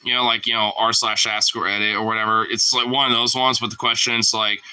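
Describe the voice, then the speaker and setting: A man talking in a casual, rambling monologue, slangy and profane and full of fillers, moving between loud outbursts and low mutters. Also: level tone, brisk, clean tone, rough recording.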